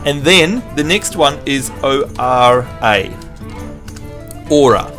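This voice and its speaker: A man's voice: medium pitch, expressive, slow, fairly bright tone, soft background music. A man from New Zealand livestreaming a game, chatting in a jokey, self-mocking way with his viewers. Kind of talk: casual chat with viewers.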